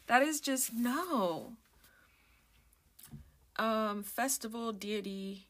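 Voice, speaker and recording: A chatty woman talking to her viewers in an easy, rambling way, breaking off mid-thought and starting over. She drifts into a soft murmur while she reads lists aloud from a book. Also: on the high side, very slow. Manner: rambling, self-interrupting, chatty. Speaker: vlogger. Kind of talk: casual chat while browsing a book.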